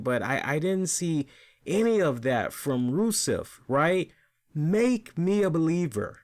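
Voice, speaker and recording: Animated man reviewing wrestling. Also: on the high side, moderate pace. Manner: animated, repeats words, frequent "right?". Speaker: wrestling show host. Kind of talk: casual review commentary.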